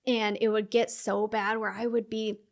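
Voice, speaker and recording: A young woman telling her personal story as a podcast guest, talking fast with many fillers and acting out her past self's inner voice. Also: mid-range voice, little pitch movement, creaky.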